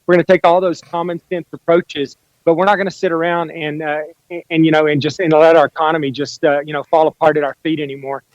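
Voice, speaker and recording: A man being interviewed on the radio as a guest, answering in a fast, assertive way over a remote line. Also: on the high side, flat delivery, no echo, muffled recording. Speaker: guest, congressional candidate.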